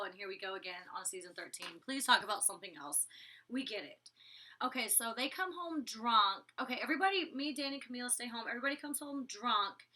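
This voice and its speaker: A young woman chats through a reality show recap in a gossipy, blunt way, swearing freely. Her voice is fairly high and strikingly bright. She sits a little way back from the microphone. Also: distant mic. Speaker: reality show cast member reviewing her episode. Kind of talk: casual vlog recap.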